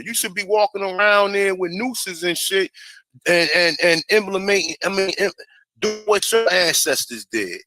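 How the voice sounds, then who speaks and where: A man's voice: high voice, pushed and bright, dry recording, low-quality recording. A man who hosts a casual commentary vlog. He curses freely, rants with heat, and stumbles over names as he reads a text aloud. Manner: profane, heated, stumbles over names while reading. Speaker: host.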